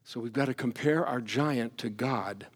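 A man preaching a sermon as pastor, animated, swinging from loud emphasis to hushed asides. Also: medium pitch, unhurried, husky.

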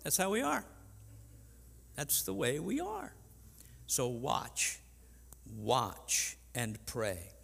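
An older man preaching a sermon as pastor, earnest and halting, with frequent restarts. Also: mid-range voice, huge pitch swings, creaky, fairly bright tone, husky. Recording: long reverb in a large hall.

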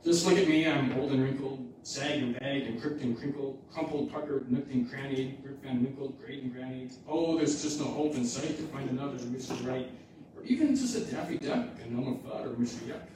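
A man's voice: mid-range voice, fairly quick, lightly acted. Brief: man playing grieving old widow, self-mocking, singsong rhyme; distant, roomy, noisy. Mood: lamenting. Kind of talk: rhyming storybook reading. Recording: echoey hall from far off.

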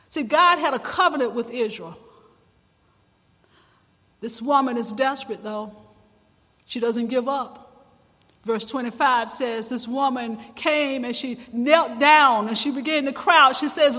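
A man preaching a sermon with passion, his voice climbing to shouts at times. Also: extremely high pitch, unhurried, long pauses. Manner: impassioned preaching, rising to shouts. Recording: long reverb in a large hall.

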